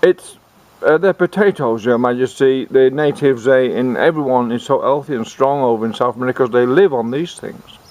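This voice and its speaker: A man's voice: mid-range voice, moderate pace, a little mellow, lightly acted. Man playing a polite courtly explorer, deferential, explaining to royalty.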